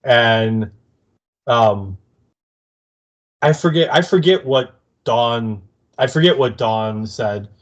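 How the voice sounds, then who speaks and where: Brief: male podcast co-host, easygoing and amused, average pitch. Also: slow pace, pauses often. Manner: chatty, laughing easily, hesitant fillers. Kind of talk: casual episode recap.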